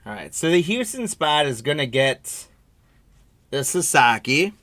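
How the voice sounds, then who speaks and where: Bright, chatty man hosting a card stream. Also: a little high, very animated, unhurried, faint music behind. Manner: reads out player names and teams in a running patter, chatting with viewers. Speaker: host of a live trading card break stream. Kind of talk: live-stream commentary.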